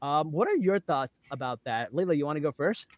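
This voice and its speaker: A woman hosting a casual podcast chat, animated and laughing often, with plenty of fillers. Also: deep voice, a little fast, no room sound, highs cut off. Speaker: podcast host.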